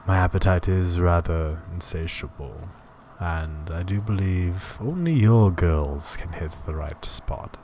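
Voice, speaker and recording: A man voicing Grim, a smooth, mannered, world-weary plague doctor. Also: deep voice, measured pace, warm tone, a little hiss or hum. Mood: suave.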